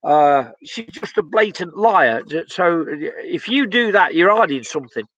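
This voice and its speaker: A man's voice: sits high, lively intonation, unhurried, fairly bright tone, no room sound. A man hosting a casual live stream, talking bluntly and heatedly with many fillers and restarts while reading viewer comments. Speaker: vlogger reading live chat. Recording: dull lo-fi dry sound.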